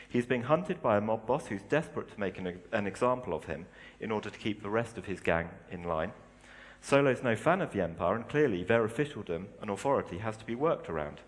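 A man giving a sermon, reading story passages aloud and explaining them plainly. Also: on the low side. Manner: reads aloud expressively, then explains plainly. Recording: long hall reverb.

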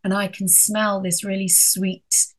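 A middle-aged woman giving an earnest devotional reflection, telling a personal story and softening her voice for emphasis. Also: medium pitch, flat delivery, slow pace. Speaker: speaker sharing a devotional reflection.

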